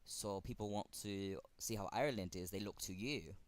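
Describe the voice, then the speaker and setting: A man with a German accent speaking earnestly to camera in a fan tribute, halting and pausing often. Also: on the low side, dry recording. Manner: earnest, halting, with frequent pauses. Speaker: fan vlogger.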